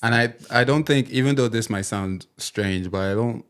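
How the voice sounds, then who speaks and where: A man's voice: mid-range voice, moderate pace, a bit bright, smooth. A man hosting a podcast, asking questions and teasing his guest in a playful, casual way. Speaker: podcast host. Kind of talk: casual chat.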